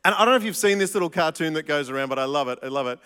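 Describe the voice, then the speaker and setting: A man preaching a sermon as pastor, animated, with frequent restarts and emphatic repetition. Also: fairly high pitch, rapid-fire, smooth, in a large hall.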